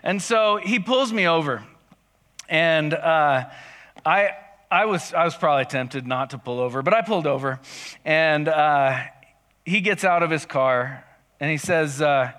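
A pastor delivers a relaxed, chatty sermon, weaving self-deprecating personal stories into his teaching at an unhurried pace with frequent pauses. His slightly high voice sounds bright and forceful, and long reverb trails after his words as if in a large room.

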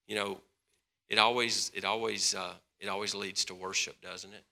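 A man preaching a sermon as pastor, swinging between loud, passionate stretches and hushed, slower ones. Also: fairly low pitch, flat delivery, vocal fry.

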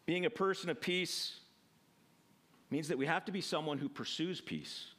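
Speaking at a moderate pace in a voice on the high side, a pastor reads from the Bible and unpacks it in a chatty sermon full of fillers and self-corrections. Animated throughout, he raises his voice to play the people in the story.

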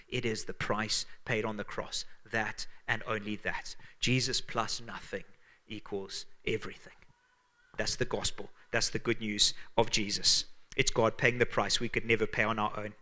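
A man with a Zimbabwean accent preaching a sermon as pastor, earnest and emphatic, dropping to hushed tones for weight. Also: medium pitch.

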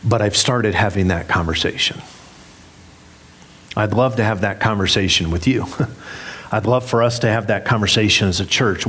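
A man's voice: lowish voice, a bit bright, husky. A middle-aged man preaching a sermon as pastor, candid and self-deprecating as he tells a story with humor. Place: church sanctuary.

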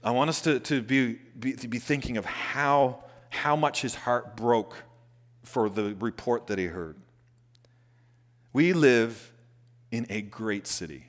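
A man preaching a sermon who moves between hushed lines and loud, emphatic rises, repeating phrases for weight. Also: mid-range voice, takes it slowly. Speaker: pastor. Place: church hall. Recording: long reverb of a large hall.

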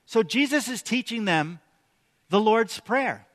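A pastor preaches a conversational sermon, frequently putting questions to the congregation. His voice is high-pitched, expressive and slow, with a fairly bright tone and a long reverb tail.

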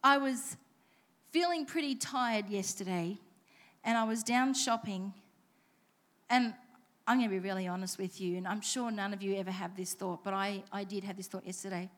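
A woman's voice: medium pitch, normal speed, a bit bright. A woman preaching a sermon in church, telling stories with playful self-deprecating asides. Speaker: pastor.

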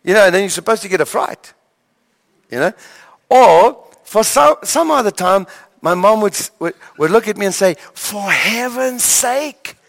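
A male pastor preaching a sermon, telling stories with dramatic pauses and stammered repeats. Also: sits high, lively intonation, creaky. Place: church hall. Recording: long hall reverb.

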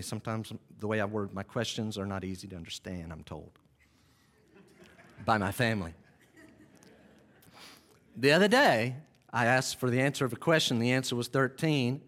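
Speaking from a church sanctuary, a man with a medium-pitched, slightly bright voice preaches as pastor. His delivery is emphatic and repetitive on key phrases, broken up by conversational, self-deprecating remarks to the congregation.

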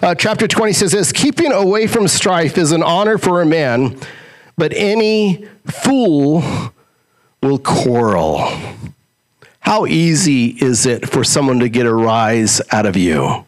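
A male pastor preaching a sermon, asking rhetorical questions, swinging between raised, quick lines and low, drawn-out ones. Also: animated.

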